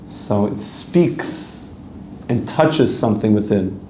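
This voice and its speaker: A man's voice: on the low side, expressive, slow pace, a little mellow, echoey room, slight background noise. A man, a rabbi giving an earnest, conversational Torah class, reading Hebrew text aloud and translating it as he goes. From Canada.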